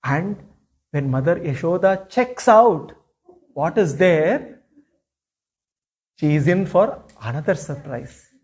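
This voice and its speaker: A man's voice: a little high, expressive, slow pace, pauses often, darkish tone, slightly rough. A man, a spiritual teacher animatedly retelling a scripture story with many "you know" asides.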